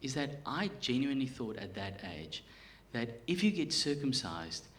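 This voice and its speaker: A South African man in his thirties doing a stand-up set on a theatre stage, telling a story with animated swings in volume. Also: medium pitch, moderate pace. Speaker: stand-up comedian. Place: theatre stage, live audience. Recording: live theatre recording with hiss.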